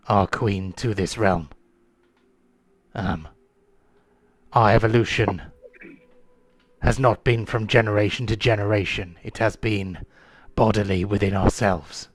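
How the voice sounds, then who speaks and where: A man voicing a solemn shadow-elf emissary of a death goddess in a gruff, formal growl. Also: on the low side, fairly bright tone, no echo.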